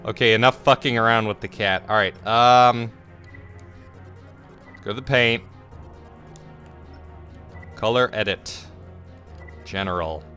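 A young man giving casual, excitable commentary over his own gameplay, swearing freely and breaking into yelps and laughter. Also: on the low side, slow pace, pauses often, faint music behind. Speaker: gameplay streamer.

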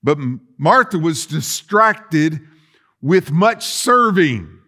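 Slow-preaching pastor, fairly high voice. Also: male voice, fairly bright tone. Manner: preaching with rising intensity and long pauses. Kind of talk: sermon.

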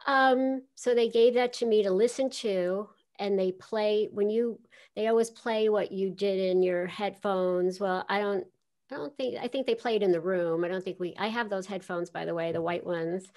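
A woman's voice: mid-range voice, fairly even intonation, normal speed, darkish tone. An older woman from Queens, a voice actress, telling stories in a chatty, laughing way during a casual interview. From New York, Queens. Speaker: voice actress guest.

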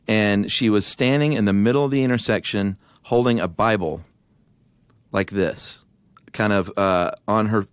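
A middle-aged man co-hosting a podcast, telling a story in a casual, animated way on a studio microphone. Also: fairly low pitch, smooth, dry recording. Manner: animated storyteller with restarts and laughs. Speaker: podcast co-host.

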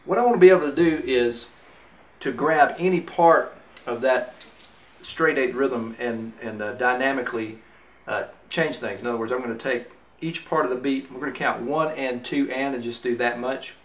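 A man's voice: medium pitch, normal speed. A man teaching mandolin rhythm, talking in an easy way while he demonstrates and counts beats aloud. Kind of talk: instructional demonstration. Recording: roomy, off-mic with mandolin playing. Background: mandolin music.

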